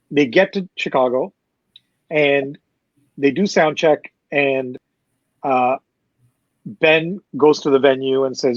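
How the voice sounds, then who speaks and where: Canadian man, fairly high voice, animated storyteller who acts out quotes, casual and profane; dry, slightly dull recording. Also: no echo. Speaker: promoter telling a story.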